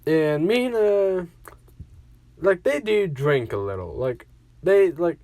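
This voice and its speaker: A man's voice: a little high, very animated, slow, pauses often, a little mellow, no echo. A man casually narrating a fan-fiction story in a rambling way, full of "like" fillers.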